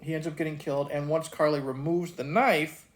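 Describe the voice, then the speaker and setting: A man's voice: a little high, steady tone, brisk. A man casually reviewing a film, rambling with frequent fillers and restarts.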